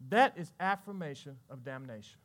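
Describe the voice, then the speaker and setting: A man preaches with a high, bright, forceful voice. He poses questions to his congregation and shifts between raised, ringing lines and quiet asides. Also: expressive, normal speed. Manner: preaching with sudden swings between loud and hushed. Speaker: pastor. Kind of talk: sermon.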